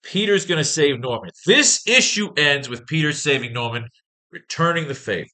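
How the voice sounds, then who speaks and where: A man's voice: on the high side, expressive, moderate pace, pushed and bright. A man teaching a writing class, talking casually and with lots of swearing as he plans comic pages and reads panels aloud. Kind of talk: casual comic-planning talk.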